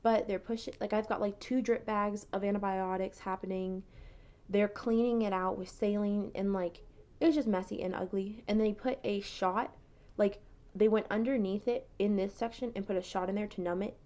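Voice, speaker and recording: A woman's voice: mid-range voice, steady tone, moderate pace, warm tone. A young woman telling a personal story in a casual, chatty way, full of "like" fillers. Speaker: TikTok creator.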